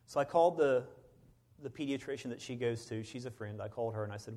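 A middle-aged man, a preacher, telling a personal story in a sermon, swinging between loud bursts and hushed moments. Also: medium pitch, steady tone, a little fast.

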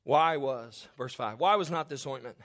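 A man preaching a sermon to his congregation, emphatic and repetitive, swinging between intense build-ups and quiet, low passages. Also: normal speed. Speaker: pastor.

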